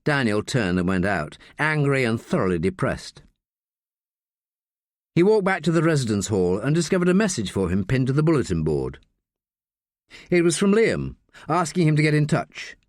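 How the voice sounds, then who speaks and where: A man narrating an audiobook with an expressive, varied delivery on a close studio mic. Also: mid-range voice, moderate pace, no room sound.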